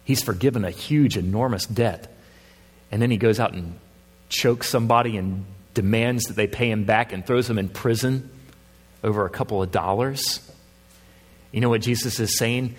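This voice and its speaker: A man's voice: on the low side, normal speed, slightly rough, big-room sound. A man preaching a sermon as a pastor, reasoning earnestly with his congregation and pressing his points with rising emphasis.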